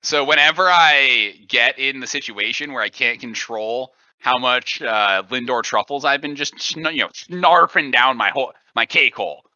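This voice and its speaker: A man co-hosting a silly comedy podcast, his voice very bright and forward. He rambles and hunts for words, padding with ums and uhs. The sound is dull and lo-fi, close and dry. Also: mid-range voice, moderate pace, hardly any pauses, no room sound. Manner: rambling, gropes for words with fillers. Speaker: podcast co-host. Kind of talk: goofy comedic podcast banter.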